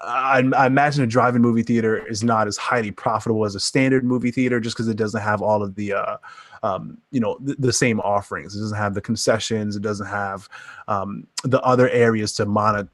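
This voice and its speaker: A man's voice: fairly low pitch, steady tone, fairly quick, dry recording. A man co-hosting a casual podcast, talking things through in a laid-back, profane way. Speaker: podcast co-host.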